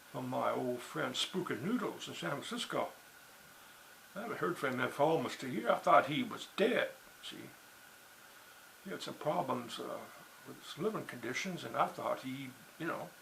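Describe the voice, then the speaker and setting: Gravelly man rambling on. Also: medium pitch, pushed and bright, slight background noise, poor audio. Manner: digressive, peppered with "you know" and "see". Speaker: writer and blogger. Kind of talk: rambling monologue.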